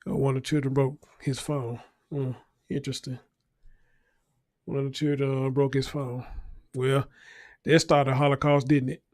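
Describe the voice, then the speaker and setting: A man's voice: medium pitch, flat delivery, moderate pace, long pauses, a little mellow, no echo, studio quality. A man hosting a casual news commentary show, talking bluntly and profanely and repeating his points for emphasis. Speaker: show host.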